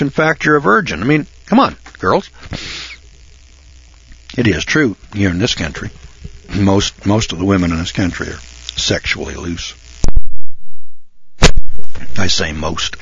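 A husky man in his late sixties hosts a radio program in a folksy, self-assured monologue. His delivery swings from low, muttered asides to loud, shouted outbursts. The recording is dry and dull, with a lo-fi sound. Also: no room sound. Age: 60s.

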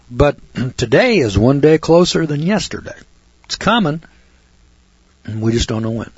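Blunt radio preacher, male, mid-pitched and husky, folksy talk to listeners; lo-fi sound. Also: dry recording. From United States. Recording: dull lo-fi dry recording.

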